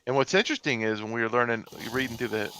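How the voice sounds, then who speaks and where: A man's voice: mid-range voice, lively intonation, racing, fairly bright tone, a little hiss or hum. An American man chatting while gaming, rambling and hesitant with many restarts. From United States. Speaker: gamer. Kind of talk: casual gaming chat over voice comms.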